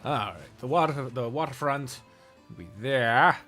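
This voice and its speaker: A woman streams a game in a slow, loose way, her voice swinging widely between low mutters and squeaky high bursts. She rambles, laughs a lot and swears casually. Faint music plays underneath. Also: animated, a bit bright. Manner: gushing high baby talk to a pet. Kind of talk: casual gameplay stream chat.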